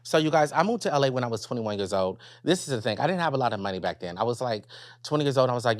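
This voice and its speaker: A man's voice: mid-range voice, expressive, quick pace, no room sound. A man hosting a podcast in a sassy, blunt and playful casual chat. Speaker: podcast host.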